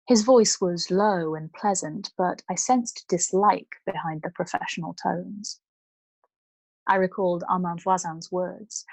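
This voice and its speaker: A woman reading a novel aloud as a nightly bedtime story, steady and often hushed. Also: lowish voice, measured pace, dry recording.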